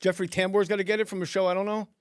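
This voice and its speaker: A middle-aged man hosting a podcast, telling stories in an animated, casual way and swearing freely. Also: sits high, very fast, clear, resonant tone, no echo, studio quality. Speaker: podcast host. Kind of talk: casual chat.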